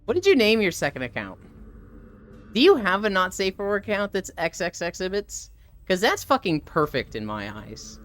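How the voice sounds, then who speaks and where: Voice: medium pitch, wildly swooping pitch, moderate pace, fairly bright tone, a little hiss or hum. A livestreamer in casual chat with viewers, who tells stories animatedly, acts out what friends said, swears and laughs often.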